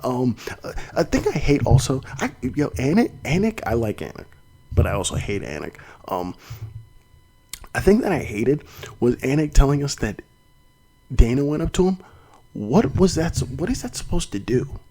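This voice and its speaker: Rambling man with a mellow voice. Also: medium pitch, very animated, moderate pace, slightly rough, poor audio. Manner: casual, rambling, frequent restarts and swearing. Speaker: podcast host. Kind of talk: solo fight commentary podcast.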